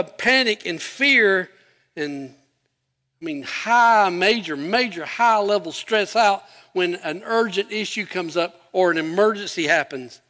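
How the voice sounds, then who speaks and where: A man preaching a sermon as pastor, animated, acting out scripture quotes with an emphatic voice. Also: sits high, long reverb tail.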